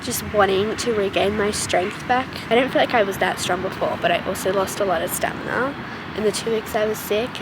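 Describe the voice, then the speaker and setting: A woman's voice: medium pitch, very noisy. A young woman chatting casually to the camera in an upbeat, gushing vlog. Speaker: vlogger. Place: outdoors in a park, then at home.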